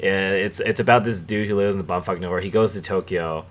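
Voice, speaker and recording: A young man talks in a somewhat low voice, hosting a casual podcast chat. He rambles freely, swears often and chuckles as he goes. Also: fast talker. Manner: rambling, profane, chuckling storyteller. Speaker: podcast host.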